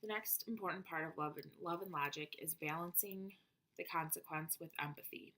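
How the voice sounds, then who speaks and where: Woman, lower voice, reads a prepared lecture on classroom methods, steady and explanatory. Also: moderate pace. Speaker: presenter of teaching methods. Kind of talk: reading a prepared presentation.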